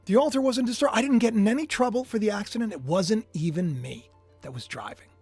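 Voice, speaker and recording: Male livestream preacher, animated and emphatic, dry voice over faint music. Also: high voice, brisk, husky, no room sound. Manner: emphatic, swings from hushed to shouting. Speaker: preacher streaming live.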